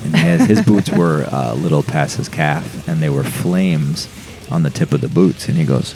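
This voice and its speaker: Very deep, gravelly-voiced man telling a story. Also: moderate pace, darkish tone, soft background music. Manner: profane, rambling, laughs through his story. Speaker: podcast guest. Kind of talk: casual storytelling.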